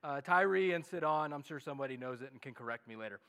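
Bright-voiced Midwestern pastor preaching. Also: male voice, medium pitch, lively intonation, fast, clear, resonant tone. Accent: Midwestern American. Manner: earnest, repeats words, rises to loud pleas. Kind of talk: sermon. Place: church service, streamed.

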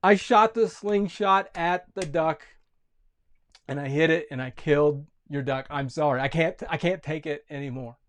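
A man's voice: a little high, moderate pace, natural voice. A man doing a guilty, jumpy little boy. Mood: remorseful. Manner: blurting, pleading.

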